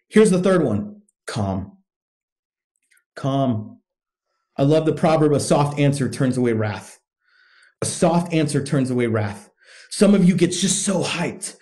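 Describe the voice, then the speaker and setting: A man's voice: high voice, dark tone. A man hosting a podcast who coaches other men in a blunt, profane and emphatic motivational monologue, drilling his key points by repetition. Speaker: podcast host, men's coach.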